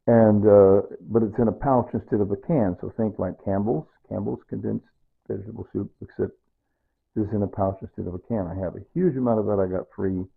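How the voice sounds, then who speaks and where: Male home cook, rambling, repetitive, casual; raspy voice, tinny phone-line audio. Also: lowish voice, steady tone, fairly quick. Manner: rambling, repeats himself. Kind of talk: casual rambling cooking talk.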